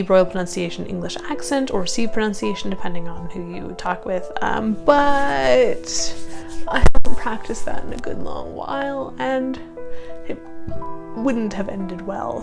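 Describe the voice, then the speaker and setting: A woman with a Midwestern American accent, a linguist, reading a poem carefully and deliberately, then chatting casually to her viewers. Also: mid-range voice, creaky. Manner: careful, deliberate reading with slowed-down tricky words. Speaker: linguist and channel host.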